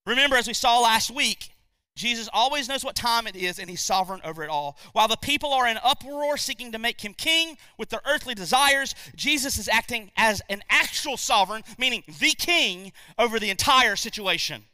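A man preaches with a very high, sharp, bright voice, recorded close and dry. He is emphatic, repeats his key lines and asks the congregation questions. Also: expressive, a little fast, smooth, dry recording. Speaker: pastor. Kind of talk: sermon.

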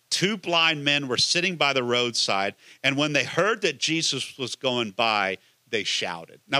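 A man's voice: mid-range voice, pushed and bright, no room sound. A man, a pastor, preaching a conversational sermon and asking the listeners many questions.

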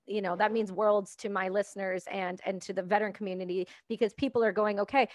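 A woman's voice: mid-range voice, steady tone, fast talker, no echo. Earnest woman host, dry close sound. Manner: earnest, repeats words while gathering thoughts. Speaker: podcast host and veteran. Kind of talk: conversational interview.

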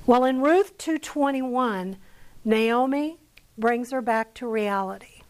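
A woman with an American accent teaching scripture to a church group, her voice pitched high. She speaks slowly and deliberately, often pausing to ask her listeners a question before answering it herself. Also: rough recording. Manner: conversational, asks the audience questions. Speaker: women's Bible study teacher. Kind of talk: Bible teaching talk.

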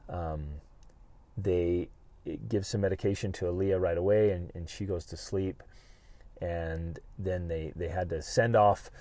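A middle-aged American man telling a personal family story in an earnest, halting way with frequent restarts. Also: on the low side, darkish tone, dry recording. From United States. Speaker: podcast co-host.

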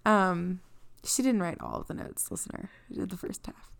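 A woman's voice: fairly low pitch, moderate pace, creaky. A woman co-hosting a book podcast, recapping a novel in a chatty, casual way with frequent laughter.

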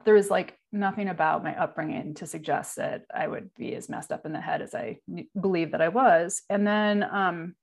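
Guest: forties woman, low gravelly voice, candid, halting delivery. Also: steady tone. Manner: candid, halting, many fillers. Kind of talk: personal interview.

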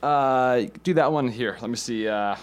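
A man's voice: medium pitch, unhurried. A man co-hosting a casual studio show, chiming in with short upbeat remarks and explaining game rules. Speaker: regular co-host.

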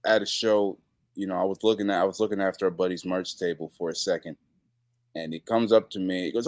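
In clean studio sound with no room ambience, a low-voiced, fast-talking man chats casually as a podcast guest. He spins crude, profane stories and animates them by acting out the characters' lines.

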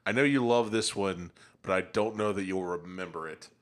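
A man's voice: deep voice, moderate pace. A young man co-hosting a casual podcast chat, teasing his friend and chuckling often. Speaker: podcast co-host.

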